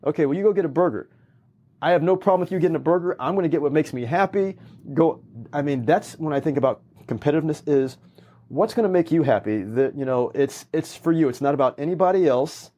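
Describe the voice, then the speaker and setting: A man's voice: a little high, quick pace. A man, a guest speaker, telling stories in casual conversation and acting out quoted lines with energy. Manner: animated, acts out quoted lines. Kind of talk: conversational storytelling.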